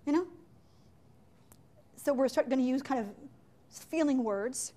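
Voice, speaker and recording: High-voiced woman teaching a playful workshop. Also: mellow. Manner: playful, chatty, quick asides and acted-out examples. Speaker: leadership and sales trainer. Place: meeting room with window blinds.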